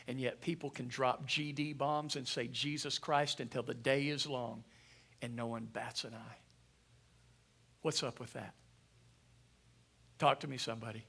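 A middle-aged man preaching a sermon as pastor, animated and calling out to the congregation for responses. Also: medium pitch, vocal fry, breathy edge.

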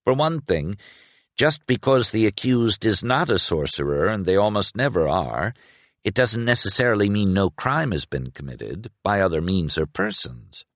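An earnest, curious young sorcerer argues his case eagerly, as a man reading the book puts him on. The low voice lifts a little and moves in lively swings. The sound is close and dry. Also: normal speed, no echo. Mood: explaining. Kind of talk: audiobook character reading.

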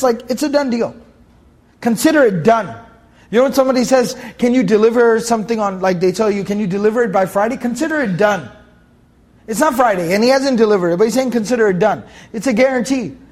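Brief: male Quran teacher with a high voice, emphatic and repetitive, chants verses. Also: fairly quick, darkish tone. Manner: emphatic, repeats key phrases; recites Arabic verses in a chanting tone. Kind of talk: Quran commentary lesson.

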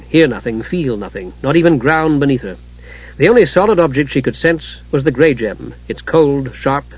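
A man reading a fantasy novel aloud in measured, dramatic audiobook narration. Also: mid-range voice, breathy edge. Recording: dull lo-fi recording.

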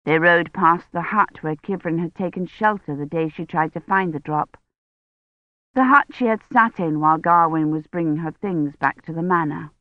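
Female audiobook narrator, measured delivery; dry, dulled studio recording. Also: low-pitched, no echo, phone-quality sound. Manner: measured, steady reading with voiced characters.

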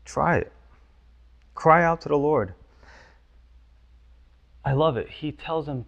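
Male pastor, casual preaching with lots of "you know", gravelly tone, muffled recording. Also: on the high side, takes it slowly, pauses often, a bit bright. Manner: conversational, frequent "you know" and "right?". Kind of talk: sermon.

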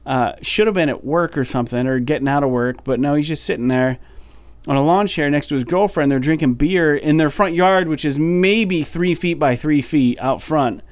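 A man's voice: fairly high pitch, normal speed, dry recording. An exasperated man telling a story. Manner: animated, exasperated storytelling with many fillers. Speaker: podcast co-host. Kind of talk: casual podcast chat.

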